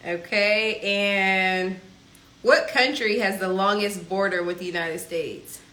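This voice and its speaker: A woman's voice: medium pitch, steady tone, takes it slowly, bright, forceful tone, reverberant, low-quality recording. A woman in casual live-stream chat with her partner, playful and laughing often. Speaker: vlogger co-host.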